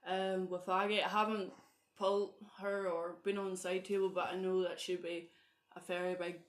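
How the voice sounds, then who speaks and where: A woman's voice: on the low side, level tone, normal speed, echoey room. A woman answering in a casual interview, modest and hesitant with many fillers. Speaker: guest athlete.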